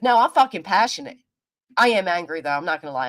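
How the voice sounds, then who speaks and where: A woman on a livestream rants angrily, cursing heavily, heated, and talking back to her chat. Her voice is on the low side and a bit bright, with a quick, sing-song delivery.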